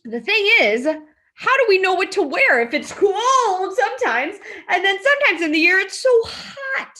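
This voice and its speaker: A woman's voice: extremely high pitch, sing-song, moderate pace, bright, forceful tone. A woman teaching an online preschool class, reading a storybook aloud and gasping and asking the children questions. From lives in a hot desert city in the US west.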